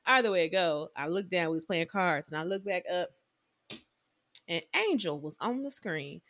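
A woman's voice: lowish voice, lively intonation, moderate pace, fairly bright tone. A woman co-hosting a podcast in casual chat, telling stories with playful impressions and lots of laughter. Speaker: podcast co-host.

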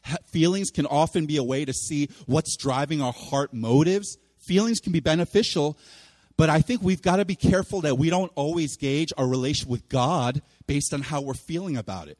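A man preaching a sermon as pastor in a church, animated and acting out the voices of people he quotes. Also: fairly high pitch, a little fast, long reverb tail. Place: church sanctuary.

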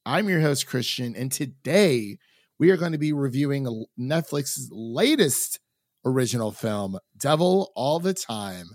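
A man's voice: mid-range voice, lively intonation, a little slow, a little mellow, no room sound, clean studio sound. A man from Ohio hosting a film review podcast in casual chat, laughing often. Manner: laughs often, chatty with fillers. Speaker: podcast host.

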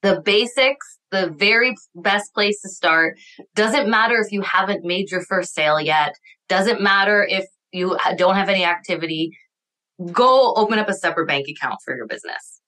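A woman's voice: medium pitch, moderate pace, bright, forceful tone. A woman chatting casually as a podcast guest, upbeat and laughing often, with lots of "like" fillers. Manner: upbeat, laughs often, acts out voices in quotes; many "like" fillers. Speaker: guest, accountant and bookkeeping coach.

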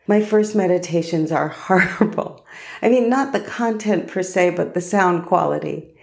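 A woman hosting a solo podcast, telling a personal story in an unhurried, reflective way. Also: on the low side, gravelly, mellow. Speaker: podcast host.

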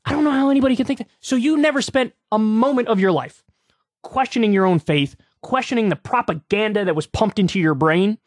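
A man hosting a political commentary show, talking casually with sarcastic, mocking, animated rants. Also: high-pitched, fairly quick, no room sound.

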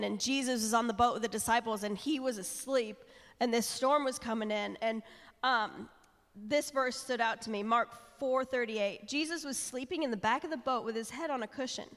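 A woman speaking at church shares openly in her sermon, earnest and growing more intense, her fairly high voice carrying a fairly bright tone. The church hall adds a long reverb.

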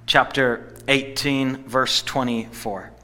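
A middle-aged man preaching a sermon, retelling a scripture story with earnest emphasis and hushed drops at solemn points. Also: mid-range voice, little pitch movement, slow, slight background noise. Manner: earnest preaching, dropping to a hush at heavy moments. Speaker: pastor.

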